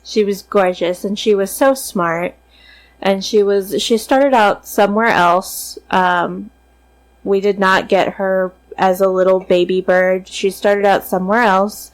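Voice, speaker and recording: A woman's voice: mid-range voice, fairly even intonation, a little slow, poor audio. Woman, podcast co-host, casual storytelling, swears, filler-heavy. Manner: chatty, swears freely, many ums.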